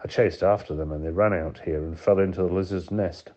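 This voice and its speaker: A man's voice: low voice, steady tone, brisk, darkish tone, lightly acted. A man voicing a cold, lying woman camp warden in an audiobook, curt and defensive. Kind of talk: audiobook character voice. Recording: dull lo-fi recording.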